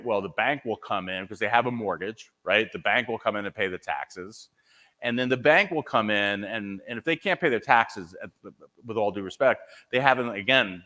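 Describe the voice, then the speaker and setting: A man giving a live conference presentation and taking audience questions, talking energetically with many restarts and repeated words. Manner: energetic, repeats and restarts often, conversational pitch. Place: conference hall.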